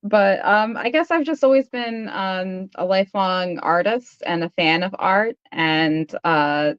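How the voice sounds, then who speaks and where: A woman's voice: medium pitch, measured pace, clean tone, dry recording, highs cut off. A woman, a comic creator guest, talking casually and thoughtfully, with many fillers. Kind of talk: casual interview chat.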